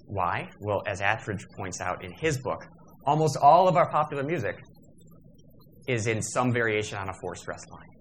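A man's voice: on the low side, a little hiss or hum. A man giving a workshop lecture in a discursive, digressive manner, with fillers and self-corrections.

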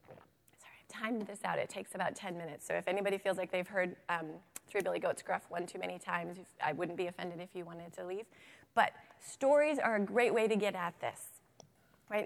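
A kindergarten teacher speaking at a faith talk into a microphone. She is lively and asks the audience to answer her. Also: medium pitch, creaky. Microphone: handheld microphone. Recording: long reverb of a hall.

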